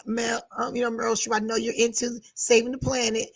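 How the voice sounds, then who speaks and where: A middle-aged woman co-hosting a casual chat, relaxed and laughing often. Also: fairly high pitch, a little fast, gravelly, a crowd in the background. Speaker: co-host.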